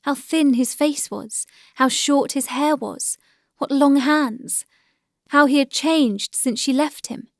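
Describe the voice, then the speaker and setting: A woman narrating a classic novel as an audiobook, in a measured, gentle storytelling manner. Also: high voice, no room sound, studio quality.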